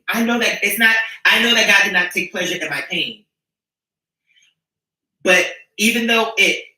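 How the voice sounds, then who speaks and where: A man's voice: high-pitched, bright, forceful tone. A man giving an emotional personal testimony, earnest and spiritual, often stumbling and repeating himself as he speaks. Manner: earnest, repetitive, spiritual, halting restarts. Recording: echoey room, distant mic.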